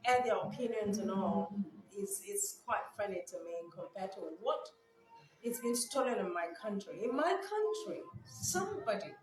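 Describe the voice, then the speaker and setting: A woman from Nigeria giving casual vlog commentary, animated and incredulous, laughing often. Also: medium pitch, normal speed. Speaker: news commentator. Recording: echoey room with background music.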